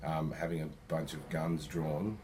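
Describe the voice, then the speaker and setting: A man's voice: rumbling low, little pitch movement, a little slow, a little mellow, a little hiss or hum. A young man talking as a podcast guest in casual chat, hesitant with many ums and restarts.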